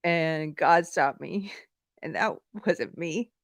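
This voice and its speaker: A woman's voice: low-pitched, takes it slowly, no echo. Candid woman host telling a story. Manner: candid, animated storytelling with laughs and filler words. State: emotional, near tears. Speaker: podcast host. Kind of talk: live-streamed commentary, personal anecdote.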